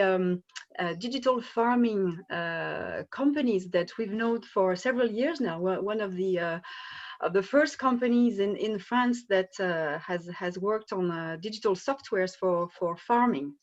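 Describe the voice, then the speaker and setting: A woman leads an online panel as its moderator. She pauses often and restarts her sentences, filling the gaps with ums and uhs. Her voice comes through muffled, lo-fi call audio. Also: mid-range voice, lively intonation. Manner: hesitant, many fillers and restarts. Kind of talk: hesitant webinar moderating.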